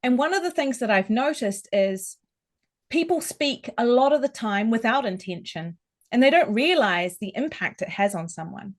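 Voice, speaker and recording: A woman talks as a vocal coach in a podcast interview. She explains clearly and carefully, and she shows each point by demonstrating how a voice can sound. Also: fairly high pitch, animated, moderate pace. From New Zealand. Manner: articulate, instructive, demonstrates vocal tones.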